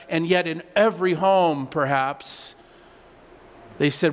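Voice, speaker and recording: A man's voice: fairly high pitch, slow, long pauses, long reverb tail. A man preaching a sermon as a pastor in a conversational way, often repeating words as he stresses a point.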